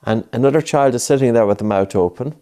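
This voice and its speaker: A breathing instructor with a warm, clean, mid-range voice coaches a child through the exercises at a quick pace. He's patient and coaxing, and he repeats his cues.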